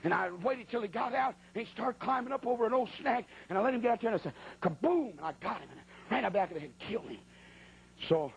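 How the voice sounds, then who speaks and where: A man's voice: high-pitched, lively intonation, fast, gravelly, husky, rough recording. A man preaching in a church, telling a folksy, colloquial story as part of a sermon. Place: church at a pulpit.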